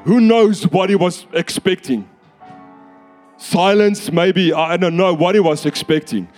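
High-voiced fervent male preacher. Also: unhurried, soft background music. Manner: fervent, builds to shouts, repeats phrases. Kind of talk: sermon.

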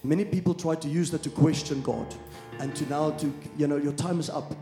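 A man preaching a sermon as pastor, shifting from quiet storytelling to loud calls to the congregation. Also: fairly high pitch, steady tone, fairly quick, echoey room, music in the background.

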